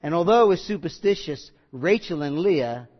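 A man's voice: a little high, animated, moderate pace. A male pastor preaching a sermon in a folksy, joking way that turns earnest and emphatic. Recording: slightly muffled recording.

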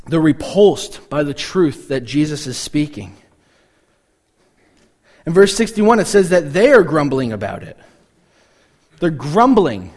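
A man delivers a sermon in an easy, conversational way, his voice sitting a little higher than most men's. He often drops into brief imitations of puzzled or grumbling listeners before returning to his teaching. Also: big pitch swings, darkish tone. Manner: conversational, acts out listeners' reactions in quick asides. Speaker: pastor.

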